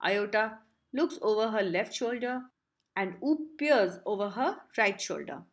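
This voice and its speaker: A woman reading the stage directions of a play as an audiobook narrator, clear and even. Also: mid-range voice, a little slow.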